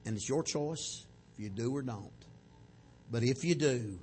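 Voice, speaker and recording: A man's voice: medium pitch, lively intonation, a little slow, a little mellow, soft background music. A man preaching a sermon, acting out prayers in a raised voice as he goes.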